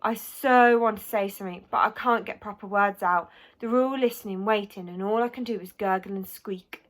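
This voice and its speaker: A woman's voice: mid-range voice, moderate pace. A woman reading a children's book aloud, narrating expressively in the first person. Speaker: audiobook reader.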